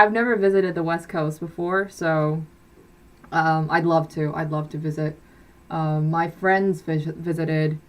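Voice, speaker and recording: A woman musician chatting casually on a livestream, hesitant and rambling, with many fillers and frequent giggles. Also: deep voice. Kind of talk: casual live-stream chat.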